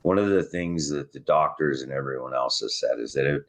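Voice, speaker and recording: A man's voice: a little fast, a bit bright. A man telling his own survival story in a raw, intense way, his voice rising and dropping with emotion. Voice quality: very deep husky voice. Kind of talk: emotional first-person storytelling.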